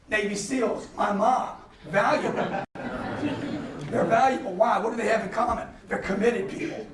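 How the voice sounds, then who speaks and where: Emphatic high-voiced man lecturing in a hall. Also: a little hiss or hum. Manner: emphatic, punchy, animated. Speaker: guest speaker. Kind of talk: motivational business lecture. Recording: roomy hall, mic at a distance, faint ambience. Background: audience laughter.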